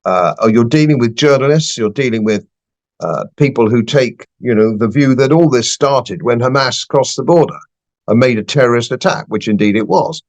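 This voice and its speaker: A man's voice: medium pitch, moderate pace. An older man, a podcast guest giving blunt, emphatic political opinions and repeating phrases for stress.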